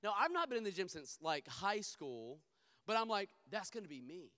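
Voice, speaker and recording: A man's voice: high-pitched, sing-song, normal speed, pushed and bright. A middle-aged man preaching a sermon, emphatic and rhythmic, slipping into humorous personal storytelling. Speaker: pastor.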